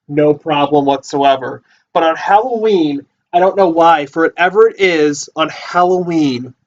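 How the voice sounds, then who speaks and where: An excitable man chatting casually on a livestream, his voice pitched a little high. He rambles, backtracks and leans on fillers as he talks. The sound is dull and lo-fi, as if caught on a phone in a basement. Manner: rambling, repeats himself with many fillers. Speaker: livestream host. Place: house basement. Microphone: phone or computer mic.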